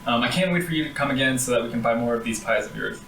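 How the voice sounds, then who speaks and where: A low-voiced village man pouring out hurried thanks, as a man plays him. He sounds far off from the mic in an echoey room. A faint hiss sits underneath. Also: creaky, fairly bright tone. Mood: grateful. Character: grateful grown male villager at his door.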